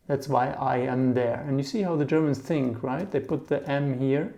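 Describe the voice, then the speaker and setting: Teaching German vocabulary in an easygoing, talkative way, this man speaks at a medium pitch with vocal fry. He offers memory aids for the words and often pauses to ask "yeah?"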